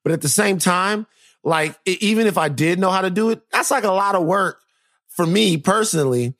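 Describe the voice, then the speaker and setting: At a moderate pace and with a high voice, a male podcast co-host relates a story in casual conversation, animatedly playing the characters' lines. There's no room sound, and the studio audio is clean.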